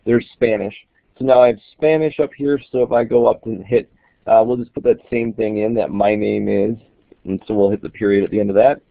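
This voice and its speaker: A male app reviewer, medium in pitch and steady in tone, talks a little fast with no echo. He casually explains an app in a screen-recorded tutorial, thinking aloud while demonstrating, over tinny, dry, phone-like audio.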